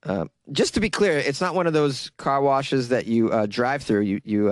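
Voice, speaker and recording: A comedic news commentator, a young man with a Massachusetts accent from that state, mocks a bizarre story and chuckles at his own gags. The recording is dry, and he speaks at medium pitch and a moderate pace with few pauses.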